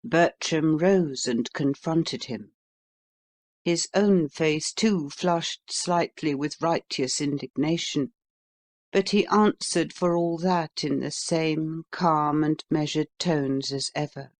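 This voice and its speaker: Slow, steady audiobook narrator. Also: medium pitch, no echo. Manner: steady, unhurried storytelling.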